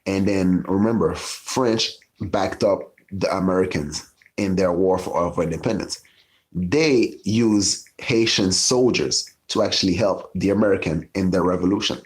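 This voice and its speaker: A man's voice: deep voice, a little mellow. A man hosting a casual history talk, telling it loosely with asides and swearing. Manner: loose, profane, storytelling with asides. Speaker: podcast host.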